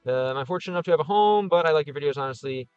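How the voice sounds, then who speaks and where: A man's voice: fairly high pitch, very fast, a little mellow, clean tone, dry recording, dull audio, soft background music. A man on a casual livestream, reading viewer comments and thinking aloud in an offhand way.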